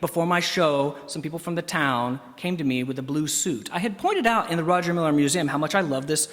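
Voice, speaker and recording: A man's voice: fairly high pitch, brisk, a bit bright. A man hosting a show, telling a comic story with a wry, self-deprecating delivery. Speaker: comedic musician and host. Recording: long hall reverb with banjo music.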